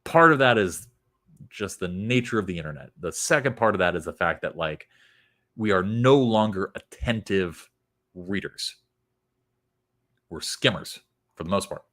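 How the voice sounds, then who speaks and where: Blunt man reviewing copy, deep low voice, sarcastic asides. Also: animated, moderate pace, long pauses, fairly bright tone. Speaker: copywriting critic. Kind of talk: casual critique of web copy.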